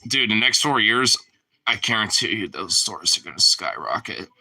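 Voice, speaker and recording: Man, casual rambling monologue, profane, slangy, loud bursts then low mutters, sharp bright voice. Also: expressive, normal speed, vocal fry, low-quality recording. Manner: profane, slangy, full of fillers; swings between loud outbursts and low mutters.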